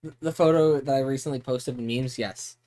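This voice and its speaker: A woman streamer in relaxed, casual chat who laughs often. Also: a bass voice, fairly quick.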